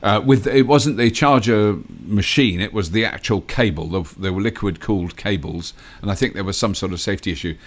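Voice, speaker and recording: Low-voiced easygoing podcast co-host man. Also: a little fast, hardly any pauses. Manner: conversational, agreeable, lots of yeahs. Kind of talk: casual chat.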